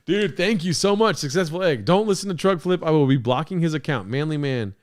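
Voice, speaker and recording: A man hosting a podcast, reacting to stream clips in casual, excitable, profane talk, laughing often. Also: a little high, fairly quick, a little hiss or hum.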